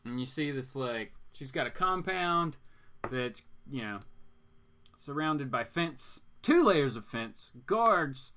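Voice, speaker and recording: A man's voice: medium pitch, expressive, slow pace, pushed and bright. A man casually reading a comic book aloud with chatty, amused asides as host.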